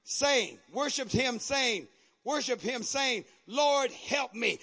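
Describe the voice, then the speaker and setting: A man's voice: very high-pitched, animated, slow pace, pushed and bright. A man preaching a sermon in call-and-response style, rising into fervent exhortation. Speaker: pastor.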